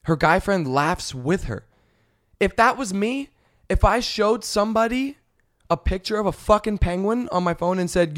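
A man's voice: sits high, expressive, normal speed, a bit bright. A man hosting a podcast, ranting casually and comedically in a profane, exasperated, rambling way. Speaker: podcast host.

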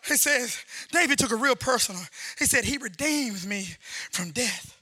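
A male pastor preaching a fervent sermon, often shouting. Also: very high-pitched, expressive, moderate pace, dry recording. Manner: fervent, shouting preacher with call-and-response lines.

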